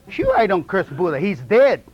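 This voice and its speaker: A man with a high voice preaches his testimony, swinging widely up and down as he tells it. He speaks slowly, in broken non-native English, and laughs at his own stories. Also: dull audio, background noise. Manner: animated storytelling, laughing at his own jokes. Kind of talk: testimony sermon.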